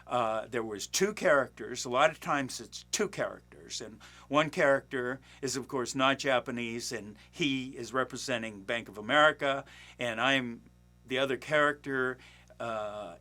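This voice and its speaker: A man with a bright, forceful voice, middle-aged, chatting about his acting work. He rambles, restarts sentences and fills pauses with plenty of uhs and ums. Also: mid-range voice. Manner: rambling, many fillers and restarts, chuckles. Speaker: working actor, podcast host. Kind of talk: casual storytelling monologue.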